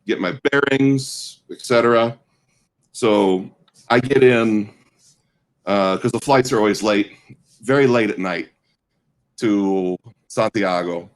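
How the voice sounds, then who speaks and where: A man's voice: fairly low pitch, slow pace, pauses often, low-quality recording. A man in his forties from the American Midwest, casually telling a long, rambling anecdote as a guest, often restarting his sentences. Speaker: guest storyteller. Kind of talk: casual chat.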